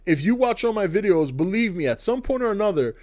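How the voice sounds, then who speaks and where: A man's voice: sits high, very animated, fast, darkish tone. A middle-aged man hosting his own video channel, giving a blunt, sarcastic opinion rant to the camera. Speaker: channel host. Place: indoors, to camera.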